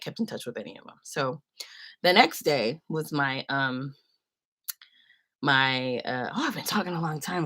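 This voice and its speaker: Young woman, lowish voice, chatty rambling livestream host. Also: fairly bright tone. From San Francisco. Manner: chatty, rambling, many fillers. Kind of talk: casual storytelling chat.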